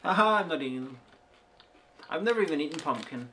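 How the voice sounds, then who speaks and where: A woman's voice: low voice, lively intonation, quick pace, fairly bright tone, slight background noise. A woman co-hosting a casual chat, rambling through stories and jokingly bragging. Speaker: co-host.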